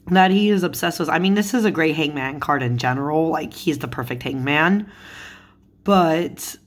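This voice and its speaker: Giggly low-voiced woman, slow talker. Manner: giggly and amused, laughs often mid-sentence. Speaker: tarot video creator. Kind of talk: casual chat showing tarot cards.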